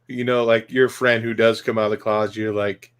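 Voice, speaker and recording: A man's voice: on the low side, flat delivery, brisk, clear, resonant tone. Rambling man hosting a podcast. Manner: rambling, upbeat plugs, frequent fillers. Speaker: podcast host. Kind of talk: casual chat.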